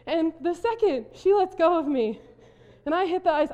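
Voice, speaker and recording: Animated woman pastor in a reverberant hall. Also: very high-pitched, moderate pace. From South Dakota. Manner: animated storytelling with frequent laughs. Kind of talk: sermon. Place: church hall.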